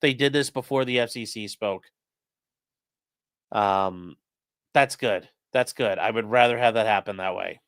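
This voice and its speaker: A man's voice: fairly low pitch, moderate pace, long pauses, fairly bright tone, clean tone, no room sound. Crude, mocking male streamer. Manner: crude, mocking, reads chat aloud. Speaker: streamer commentating on news. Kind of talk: casual live-stream commentary.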